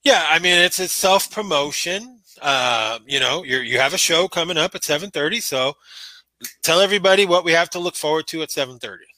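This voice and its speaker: A man's voice: on the high side, animated, a little fast, bright, forceful tone, no echo, poor audio. A man co-hosting a casual podcast, talking bluntly and ranting in exasperation. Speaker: podcast co-host.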